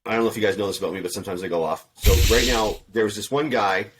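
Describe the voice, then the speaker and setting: A man's voice: fairly low pitch, racing, noisy background. A man, a podcast panel guest, telling an army story bluntly and profanely, swearing constantly and acting out the dialogue. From Canada. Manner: animated, acts out quoted dialogue. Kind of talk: casual storytelling in a round table.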